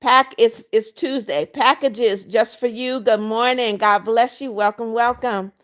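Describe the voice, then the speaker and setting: A woman's voice: a little high, steady tone, a little slow, fairly bright tone. A woman in her seventies hosting a casual livestream, greeting viewers by name and blessing them in a blunt, motherly way. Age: 70s. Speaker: livestream host. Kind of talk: casual livestream chat reading viewer comments.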